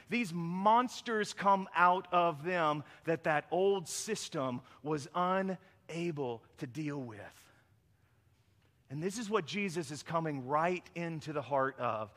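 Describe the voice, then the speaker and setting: A man delivers a sermon in a church sanctuary, his voice high and ringing bright. He preaches conversationally, spinning animated stories and checking in with frequent "right?" asides. A long reverb from the large hall trails each phrase. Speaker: pastor.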